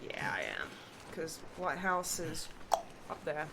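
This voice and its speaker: A woman streamer chats casually over her game with a lively, swooping pitch. She is expressive and quick to swear. Clear background noise sits under her voice. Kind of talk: casual gaming livestream chat.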